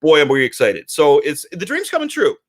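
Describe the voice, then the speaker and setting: A man's voice: on the high side, huge pitch swings, brisk. A man co-hosting a casual podcast, talking animatedly and acting out quoted voices. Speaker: podcast co-host, comic publisher.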